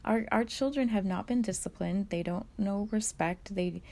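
A woman's voice: moderate pace, creaky, darkish tone. A woman speaking earnestly and emphatically in a casual monologue about prophecy. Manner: earnest, emphatic, quotes kids in high voices. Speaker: religious commentator.

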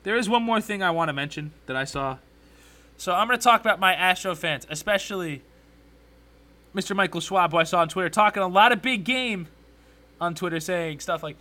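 A young man hosting a solo sports podcast, ranting with strong opinions, getting excited and correcting himself as he goes. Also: high voice, brisk.

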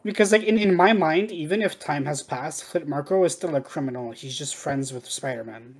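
A speaker chatting casually about a film, relaxed, often stammering at the start of a phrase. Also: mid-range voice, a little fast. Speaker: film discussion co-host. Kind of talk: casual chat.

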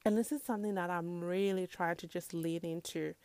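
Smooth-voiced earnest woman vlogger, dry sound. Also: on the low side, fairly even intonation, a little fast, darkish tone, no echo. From Africa. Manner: earnest, confessional, keeps addressing viewers as "guys". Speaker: parenting vlogger. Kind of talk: casual talk to camera.

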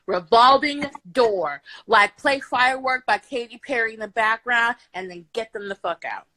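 A woman's voice: a little high, normal speed, sharp tone, no room sound, poor audio. A woman telling a brash, profane story on a live video stream, laughing and breaking into song. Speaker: guest storyteller. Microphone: phone on a live video stream.

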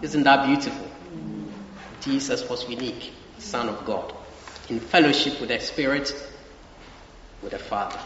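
A man's voice: mid-range voice, unhurried, long pauses, a bit bright, slight background noise. A man preaching a sermon with emphasis, repeating his key phrases and asking the congregation for agreement. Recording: echoey hall, dull lo-fi sound.

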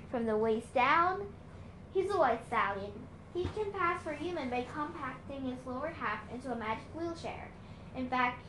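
A woman with a fairly high voice reads a novel aloud in a plain storytelling manner, now and then stumbling over a word. Her voice echoes around the room, and a faint hiss sits under it. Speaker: reader.

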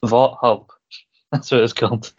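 A man co-hosts a podcast in loose, rambling chat, laughing often and swearing casually. His delivery stays flat and even in pitch. The sound is a touch dull and lo-fi. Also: measured pace, breathy edge. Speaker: podcast co-host. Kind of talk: casual chat about a TV show.

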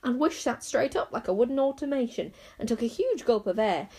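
A woman's voice: fairly high pitch, expressive, a little fast, mellow, slightly rough, poor audio. A woman reading an audiobook as narrator, telling the story expressively. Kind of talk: scripted narration.

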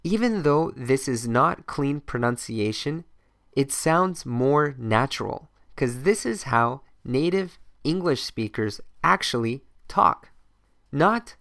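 A man leading a podcast English lesson at an unhurried, deliberate pace, spelling out each phrase so learners can repeat it. The sound is dry and close, with no room around it. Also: mid-range voice, expressive, a bit bright, no echo. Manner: slow, clear modeling of phrases for learners to repeat. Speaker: English teacher.

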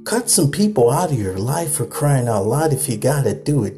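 A podcast host ranting late at night, circling back over the same phrases and laughing at himself. His voice swings widely in pitch, jumping high when he's worked up. A faint bit of music sits underneath. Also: moderate pace, few pauses. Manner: animated, repetitive, laughs at himself.

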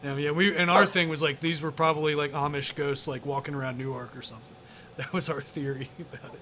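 A man's voice: on the high side, fairly even intonation, a little fast, sharp tone. A man as an interview guest, telling a story casually in a rambling way, with many fillers and some swearing.

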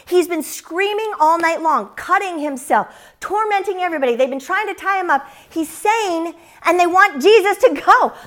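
A middle-aged woman delivers a sermon in a high, bright-pitched voice. She preaches with fervor and hammers her points home by repeating them. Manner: fervent, emphatic, repeats lines for effect.

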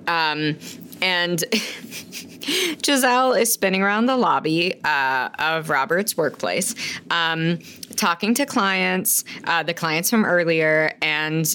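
A woman's voice: sits low, bright, forceful tone, a little hiss or hum. A woman recapping a film in casual chat, rambling with lots of fillers and swearing freely. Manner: chatty, filler-heavy, swears often.

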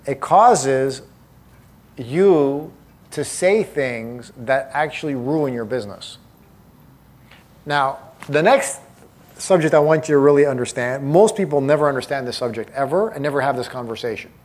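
A man's voice: mid-range voice, a little slow, a little mellow. A man leading a live seminar, speaking emphatically and asking the audience questions directly. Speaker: motivational speaker.

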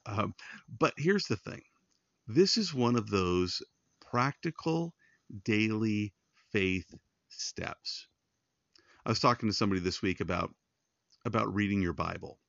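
A man's voice: fairly low pitch, expressive, measured pace, creaky, pauses often, a bit bright, no room sound, dull audio. A man hosting a devotional podcast, giving earnest, conversational Bible teaching straight to his listeners. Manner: earnest, pastoral, addresses listeners directly.

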